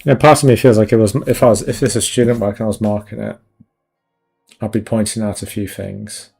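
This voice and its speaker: A man's voice: fairly low pitch, steady tone, brisk, gravelly, darkish tone, husky, soft background music. A man chatting casually on a live stream while he draws, rambling and putting himself down, his thoughts often trailing off. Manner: rambling, self-deprecating, trailing off. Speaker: concept artist streamer.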